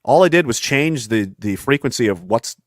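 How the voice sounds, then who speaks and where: A man's voice: medium pitch, expressive, moderate pace, no room sound, studio quality. A man talking in a casual conversation, intense and rambling, often acting out voices from his stories. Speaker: podcast guest.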